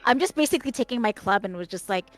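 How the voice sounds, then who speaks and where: High-voiced woman playing a tabletop game. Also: expressive, fast, soft background music. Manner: chatty, earnest in character. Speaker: player. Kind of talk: casual tabletop play.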